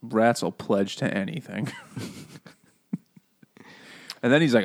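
A man's voice: medium pitch, lively intonation, a little slow, long pauses. Joking man on a casual book podcast. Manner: joking, swearing, acts out silly character voices. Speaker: podcast co-host. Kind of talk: casual book-club chat.

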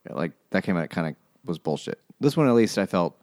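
Super deep guy, casual chat, dry deadpan jokes, no room echo. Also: fairly quick.

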